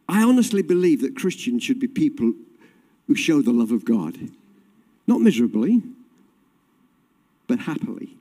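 A man preaching a sermon with passion, swinging from loud cries to quiet, low tones. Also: very animated, moderate pace, pauses often. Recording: long hall reverb.

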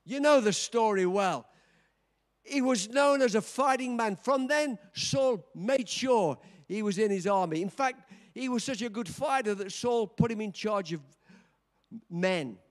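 An older man in his seventies preaching a sermon, telling a story with dramatic swings from quiet to shouting. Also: sits high, lively intonation, measured pace. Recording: long reverb of a large hall.

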